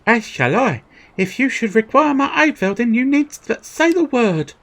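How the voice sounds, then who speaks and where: A man voicing a high-pitched, eager and helpful male game ally in a squeaky, earnest voice. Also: very animated, moderate pace, fairly bright tone, heavily acted.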